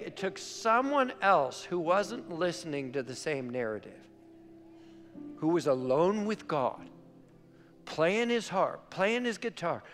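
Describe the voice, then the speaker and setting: A male pastor preaching a sermon, telling a story with animated shifts between loud and quiet. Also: high voice. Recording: long hall reverb, faint music.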